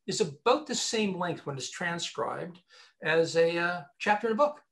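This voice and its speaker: Animated storytelling man, high voice. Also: normal speed, gravelly. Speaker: recruiter and author, guest. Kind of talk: conversational interview.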